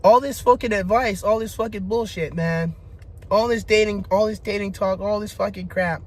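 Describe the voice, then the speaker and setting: A young man ranting about his dating life, cursing heavily and restarting his sentences, his voice climbing into shouts when he gets worked up. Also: fairly even intonation, normal speed. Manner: frustrated venting with heavy profanity, restarts, pitch rising into shouting. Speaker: vlogger. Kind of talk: personal rant to camera.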